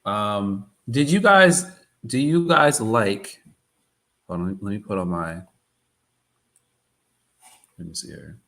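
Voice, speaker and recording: A man hosts a live trading session in a loose, chatty way and keeps circling back to repeat himself. His voice sits low and has a gravelly, fry-laden texture. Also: expressive, slow pace, pauses often, a bit bright. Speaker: trading livestream host. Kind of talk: casual live-stream chat.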